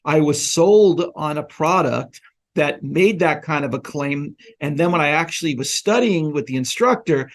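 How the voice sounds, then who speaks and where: A man's voice: on the high side, lively intonation, moderate pace. Earnest man explaining trading principles. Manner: earnest, instructive. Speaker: trading educator guest. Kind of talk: casual chat.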